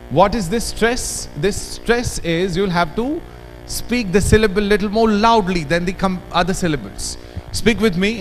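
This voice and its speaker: An Indian man giving an animated workshop lecture, drilling words aloud with the audience. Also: sits high, poor audio. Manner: animated, drills words aloud, code-switches into Hindi asides. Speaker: workshop trainer. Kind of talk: lively classroom workshop lecture.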